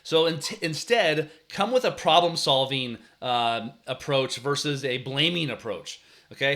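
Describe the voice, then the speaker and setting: An earnest man, likely in his thirties, gives coaching advice in a relaxed, chatty way. His voice is bright and forward, with a middle pitch. He often restarts his sentences and sometimes acts out how he used to yell at his players. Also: a little slow. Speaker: youth sports coach and show host. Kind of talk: casual advice talk.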